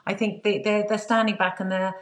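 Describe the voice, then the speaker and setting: A woman's voice: medium pitch, flat delivery, a little fast. A woman author, a guest in an interview, telling a personal story in an earnest, reflective way with many fillers. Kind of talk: relaxed storytelling in conversation.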